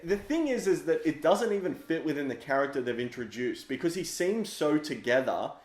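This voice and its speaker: A man's voice: on the high side, lively intonation, a little fast, a little mellow. A man co-hosting a casual film discussion podcast, critical and walking through plot points step by step. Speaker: podcast co-host. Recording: echoey room.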